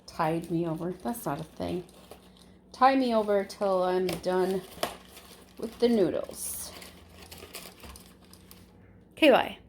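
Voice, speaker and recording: A woman's voice: medium pitch, slow pace, pauses often, a little mellow, slight background noise. A woman vlogging casually from her kitchen at home, chatty and rambling, correcting herself as she goes. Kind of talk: casual vlog chat.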